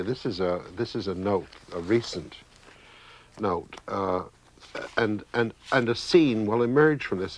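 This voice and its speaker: A man, a novelist, reflecting on writing and halting often as he searches for words. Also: on the low side, low-quality recording. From Canada. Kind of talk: reflective talk about writing.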